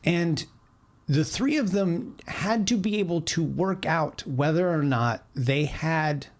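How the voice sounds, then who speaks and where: A man's voice: fairly high pitch, animated, takes it slowly. Man telling a story with many fillers. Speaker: podcast co-host. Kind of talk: casual chat.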